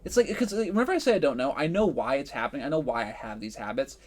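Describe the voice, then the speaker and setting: A man's voice: medium pitch, lively intonation, fast talker. A young man co-hosting a podcast, talking in a casual, rambling and reflective way, full of fillers and restarts. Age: young adult. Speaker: podcast co-host. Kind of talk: casual chat.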